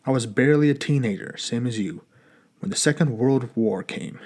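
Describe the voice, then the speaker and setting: A man's voice: mid-range voice, normal speed, a little mellow, lightly acted. A man doing a stern old Russian grandfather. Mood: grave. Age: older.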